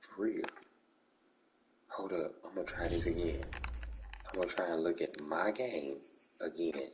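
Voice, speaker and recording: Over some background noise, a man with a low voice talks a little slowly with friends during an online game league. He's casual and slangy, constantly saying "bro" and "come on."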